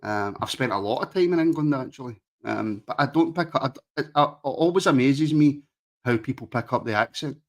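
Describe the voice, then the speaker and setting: A Glaswegian man from Scotland, with an expressive mid-range voice and a fairly quick pace, hosts a casual football podcast. He teases his co-host and often repeats his words.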